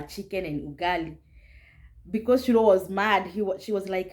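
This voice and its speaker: A woman, a vlogger casually telling a story in an animated way, laughing often and slipping into Swahili phrases. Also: medium pitch. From Kenya.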